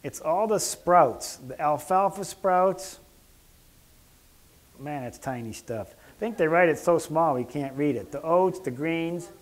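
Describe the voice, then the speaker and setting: Joking man lecturing, a bit high-voiced. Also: animated, slow. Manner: joking, rambling, clears his throat often. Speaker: doctor giving a health lecture. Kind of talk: casual lecture with anecdotes.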